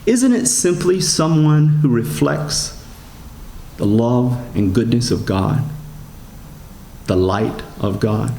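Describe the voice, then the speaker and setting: A man, a priest giving a sermon in a gentle storytelling manner, slowing down and rising in pitch for emphasis. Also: animated, creaky, a little hiss or hum. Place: church. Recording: echoey church sanctuary.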